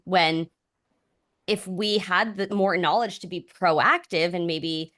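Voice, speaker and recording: A woman with a slightly low voice co-hosts a relaxed podcast. She talks candidly and loosely, and she keeps checking in with "right?" and "like". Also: unhurried. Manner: animated and candid, many fillers and rhetorical 'right?'. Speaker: podcast co-host. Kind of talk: casual podcast chat.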